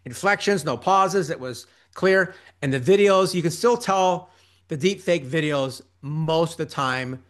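A man talking as a guest on an interview show, animated and quick, acting out quoted reactions in between. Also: on the high side. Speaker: interview guest, ghostwriting business owner. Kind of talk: conversational interview.

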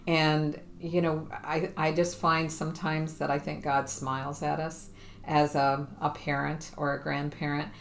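Woman, very low voice, reflective, affirming, light background noise. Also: little pitch movement, measured pace. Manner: affirming, reflective, gives frequent backchannel. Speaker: mental health professional. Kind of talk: casual conversation.

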